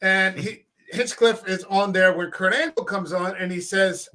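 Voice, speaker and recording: A man hosting a casual podcast chat, telling profane, animated stories and acting out quoted lines. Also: sits high, unhurried. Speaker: podcast host.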